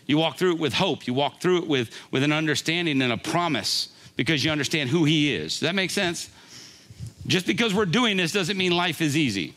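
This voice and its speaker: A man's voice: a little high, lively intonation, fairly quick, fairly bright tone. An older man preaching a conversational sermon, often laughing and checking in with a "right?". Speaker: pastor.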